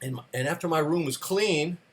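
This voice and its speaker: Man telling a personal story. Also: on the high side. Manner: conversational, with casual fillers and slow emphatic beats. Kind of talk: storytelling talk.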